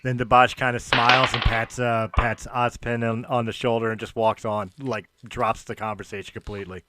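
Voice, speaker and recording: A man's voice: mid-range voice, level tone, moderate pace, noisy background. A man playing a tabletop game, joking and teasing in casual chat. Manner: joking, teasing, laughs often. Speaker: player.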